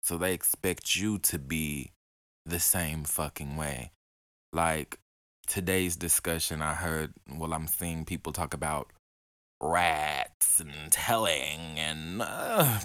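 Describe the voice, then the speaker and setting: A man's voice: rumbling low, slow, a bit bright, dry recording, clean studio sound. A young man, ranting profanely and hurling mocking insults in a casual podcast monologue. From Alabama. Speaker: podcast host.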